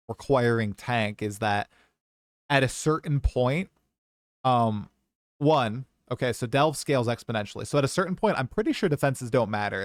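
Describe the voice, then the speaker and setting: A man's voice: mid-range voice, no room sound, clean studio sound. A man hosting a casual gaming podcast, chatty and hedging as he explains things at length. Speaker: podcast host.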